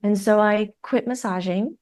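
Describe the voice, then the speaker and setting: A woman, a psychic medium who is a guest on a podcast, tells stories in a lively way and acts out the voices of the people in them. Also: mid-range voice, a little slow. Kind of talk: conversational storytelling.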